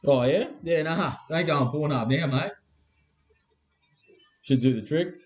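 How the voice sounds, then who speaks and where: A man's voice: on the high side, a little slow, highs cut off. An Australian man hosting a live card break, with crude, laddish banter and constant swearing.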